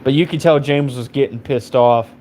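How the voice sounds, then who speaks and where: A man's voice: mid-range voice, normal speed, dark tone, a little hiss or hum. A man in his twenties ranting casually on a live stream, rambling and profane with constant fillers. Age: 20s. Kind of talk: casual rant.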